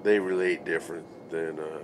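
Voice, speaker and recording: A man's voice: very deep voice, fairly even intonation, normal speed, noisy background. A man, a construction worker, telling a story to his video audience in a casual, laughing way, swearing freely and acting out the voices of the people he quotes.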